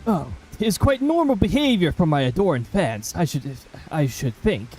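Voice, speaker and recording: A man voicing a vain, theatrical gentleman inspector in a put-on posh accent, speaking in a pompous, flowery way. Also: a little high, big pitch swings, normal speed, husky, rough recording. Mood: self-important. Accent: put-on posh British-style.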